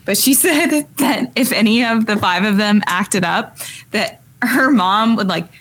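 A woman co-hosting a casual chat, telling a story in an animated way. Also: medium pitch, measured pace.

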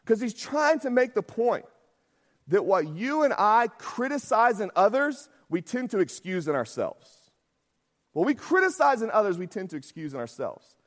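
A man's voice: high voice, sing-song, moderate pace. A man preaching a sermon as pastor, talking conversationally, often asking "right?" and acting out quotes.

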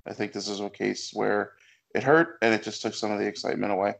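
A man co-hosting a chat show, giving measured, analytical opinions in casual talk. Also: on the low side, fairly even intonation, vocal fry. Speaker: podcast co-host.

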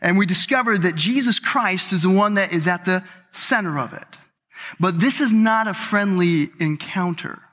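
A man's voice: sits high, normal speed, a bit bright, long reverb tail. A man preaching a sermon, who speaks with emphasis and repeats key words for weight.

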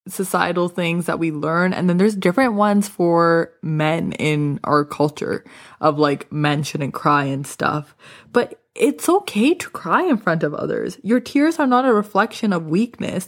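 A young woman podcast host in casual reflective talk, speaking candidly and filling her sentences with "like" as she tells stories. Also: fairly low pitch. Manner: candid, animated storytelling with frequent "like" fillers.

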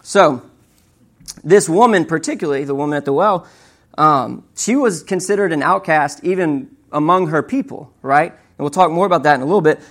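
A young man gives a sermon at normal speed, his voice leaning high. His style is chatty and animated, and he keeps looking for agreement with "right?"

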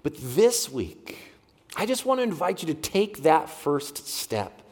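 Speaking a little slowly, a middle-aged pastor delivers a heartfelt sermon full of repeated phrases in a church sanctuary. His voice runs on the high side with a breathy edge and wide pitch swings, under long hall reverb.

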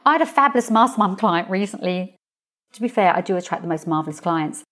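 A woman hosting her own podcast as a coach, talking straight to listeners with expressive, playful storytelling. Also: lowish voice, fast. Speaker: podcast host, coach and hypnotherapist. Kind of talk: solo podcast monologue.

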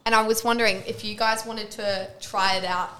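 A woman's voice: mid-range voice, fairly even intonation, brisk. Upbeat young woman coaxing a group. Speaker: teacher leading children in an activity. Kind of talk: playful group activity with children. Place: indoor room with a group of children. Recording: echoey room with noticeable background noise.

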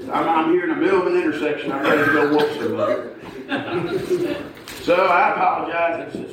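A man's voice: on the high side, steady tone, moderate pace, over a noisy crowd. A middle-aged man preaching a sermon in a church, folksy and emphatic, often asking his congregation for an amen. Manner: folksy, emphatic, calls for amens. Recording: echoey hall from far off, noisy.

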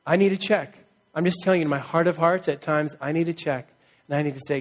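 A man's voice: fairly high pitch, steady tone, fast talker. A man in his thirties preaching a conversational sermon, earnest, often asking the congregation for a reply. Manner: conversational, earnest, asks the crowd for replies. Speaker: pastor.

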